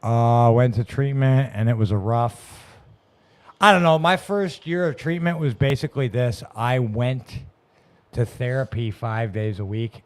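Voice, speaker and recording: A man's voice: mid-range voice, measured pace. A man on a podcast, telling his recovery story in a rambling, profane way, with many restarts. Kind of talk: casual storytelling. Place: podcast room.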